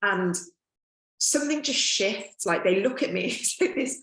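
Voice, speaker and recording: A middle-aged woman speaking as a guest in a podcast chat, reflective and unhurried with frequent fillers. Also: mid-range voice, animated, a bit bright. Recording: echoey room.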